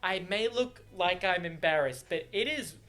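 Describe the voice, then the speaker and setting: A man's voice: sits high, expressive, normal speed, pushed and bright, soft background music. A man chatting casually on camera about a book he is reading, bubbly and giggly, with many fillers and restarts. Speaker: book reviewer. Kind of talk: casual book reaction chat. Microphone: camera mic.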